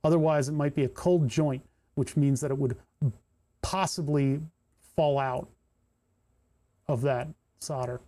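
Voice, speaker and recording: On the high side but dark in tone, his steady voice runs a little slow with long pauses. He streams live as he solders electronics kits, describing each step informally and muttering in frustration while looking for parts.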